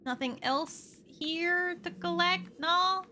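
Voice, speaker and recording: A young woman streaming a game, chatting to herself and yelling and swearing at the creatures on screen. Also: extremely high pitch, slow, slight background noise. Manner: expressive, swears and yells at the game. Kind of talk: casual gameplay commentary.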